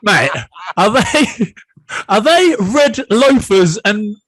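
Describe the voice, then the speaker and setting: A man's voice: sits high, expressive, takes it slowly, a bit bright, no echo. A man co-hosting a podcast, joking and teasing in casual banter. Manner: teasing, joking, says mate often. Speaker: podcast co-host.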